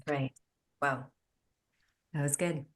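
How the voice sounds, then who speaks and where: Woman interviewer, quite low voice, short "mm-hmm"s and questions. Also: fairly even intonation, slow. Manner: brief affirmations and prompting questions.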